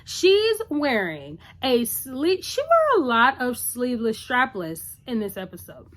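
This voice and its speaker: A woman's voice: fairly high pitch, huge pitch swings, a little slow, a bit bright. A woman recapping a TV episode in a casual, chatty, opinionated way, full of "like" and "you know".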